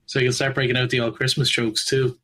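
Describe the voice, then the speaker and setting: A man's voice: medium pitch, little pitch movement, brisk, pushed and bright, poor audio. A man telling jokes on a podcast, laughing at his own punchlines. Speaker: podcast co-host. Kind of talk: casual joke telling.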